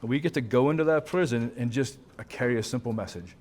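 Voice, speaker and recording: At a recovery conference banquet, a man in his thirties or forties gives a candid, casual personal talk to a crowd in the hall. His medium-pitched voice is a little mellow and fast, and he peppers his speech with "man," "dude," and the occasional swear.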